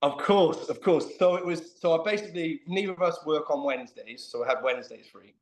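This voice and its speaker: A man's voice: on the high side, brisk, roomy sound. A man telling a long, self-mocking story in casual chat as a guest on a video call.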